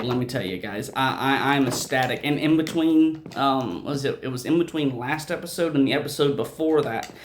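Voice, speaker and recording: A man hosting an unscripted gameplay video, rambling and chatty, stumbling and restarting his sentences a lot. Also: medium pitch. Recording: roomy echo.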